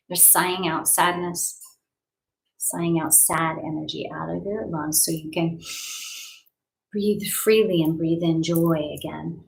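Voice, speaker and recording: A female life coach guides a live home healing session with soothing, slow-paced breathing cues, sighs and affirmations. She speaks low with gravelly fry and fairly even intonation, and the recording is low in quality.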